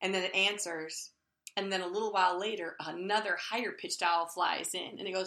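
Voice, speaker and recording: A woman's voice: medium pitch, a little fast, reverberant. A woman co-hosting a podcast in casual chat, telling stories animatedly and imitating bird calls. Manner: animated storyteller, imitates owl hoots. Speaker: podcast co-host.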